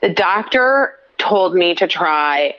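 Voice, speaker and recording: A woman's voice: fairly low pitch, expressive, slow pace, muffled recording. A woman co-hosting a podcast, telling a story in a chatty casual way. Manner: chatty storyteller, many "like" fillers. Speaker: podcast co-host. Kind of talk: casual chat.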